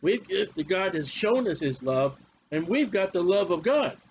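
Fiery high-voiced male preacher. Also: very animated, moderate pace, dull audio, slight background noise. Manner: fiery, confrontational, repetitive. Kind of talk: sermon.

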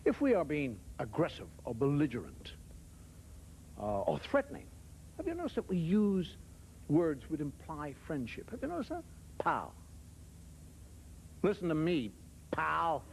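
A man's voice: on the high side, wildly swooping pitch, normal speed, gravelly, dark tone. A male comedian telling wry stories in a stand-up monologue, mimicking the way other people talk. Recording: old TV recording with audience laughter and hiss.

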